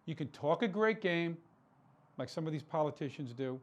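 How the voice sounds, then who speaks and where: A man's voice: a little high, lively intonation, moderate pace. A man hosting a political talk show, delivering an impassioned commentary monologue full of rhetorical questions and repeated words for emphasis.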